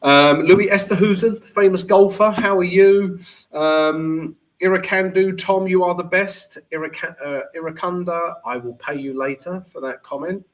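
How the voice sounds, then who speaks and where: A man's voice: high voice, moderate pace. A man hosting a live trading stream, talking casually and with energy, and often checking in with "right?".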